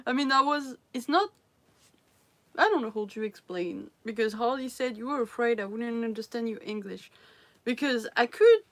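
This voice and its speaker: A French-speaking woman livestreams, chatting casually with her viewers in a somewhat high voice at a moderate pace. She giggles and laughs often between phrases. She hesitates and restarts sentences while hunting for English words.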